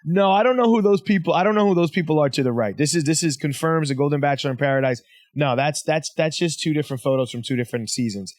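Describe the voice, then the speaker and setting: A man hosting a podcast in easy, profane banter, his voice sitting a touch high. He talks in an animated way and often repeats himself. The recording is close and dry, with no room sound. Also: fast, no echo. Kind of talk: casual chat.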